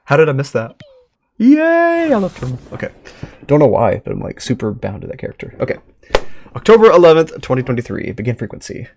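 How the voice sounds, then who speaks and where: A man streaming live, reading an online story aloud and reacting with frequent laughs and excited remarks. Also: medium pitch, quick pace, a little hiss or hum.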